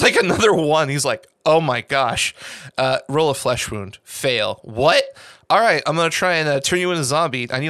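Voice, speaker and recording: Bright, animated male podcast host. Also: on the high side, dry recording, clean studio sound. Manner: animated storyteller who acts out quoted voices. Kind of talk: casual conversation.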